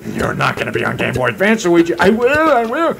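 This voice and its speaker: A man voicing two bickering cartoonish adult male plumber brothers in a high, yelping, nasal put-on voice. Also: huge pitch swings, a little fast, vocal fry, a bit bright, heavily acted. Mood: whiny bickering. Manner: bickering and whiny.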